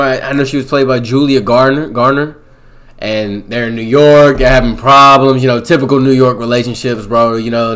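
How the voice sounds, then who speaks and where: Young man recapping a movie, slangy. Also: fairly bright tone. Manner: slangy, rambling, punctuates with "boom" and "bro". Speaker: movie reviewer.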